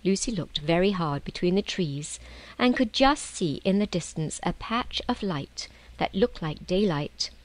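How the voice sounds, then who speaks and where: A woman narrating a storybook aloud, reading expressively and dropping into soft whispers in tense passages. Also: lowish voice, expressive, measured pace, low-quality recording. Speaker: audiobook narrator.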